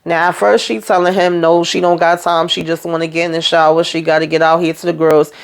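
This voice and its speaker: A woman's voice: fairly low pitch, flat delivery, brisk, gravelly, clear, resonant tone. A woman hosting a casual TV episode recap, retelling scenes in a chatty, slangy way full of fillers. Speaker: TV show recap host.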